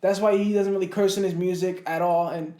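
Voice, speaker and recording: A man's voice: high-pitched, level tone, brisk, mellow. A man co-hosting a podcast in casual chat, rambling through stories with restarts and chuckles. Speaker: podcast co-host. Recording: echoey room.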